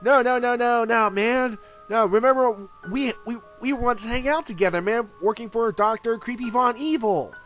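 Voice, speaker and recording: A man's voice: very high voice, normal speed, few pauses, fairly bright tone, voice pushed up. A man voicing a cocky young male hedgehog gang leader, pushy and chummy. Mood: smooth-talking. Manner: pushy, chummy, talks over others. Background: music.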